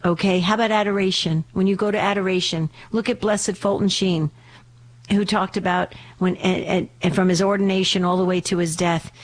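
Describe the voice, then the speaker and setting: A woman's voice: lowish voice, fairly even intonation, a little fast. A woman hosting a live call-in radio show, talking in a fervent, urgent, pleading way, still getting over a slight cough.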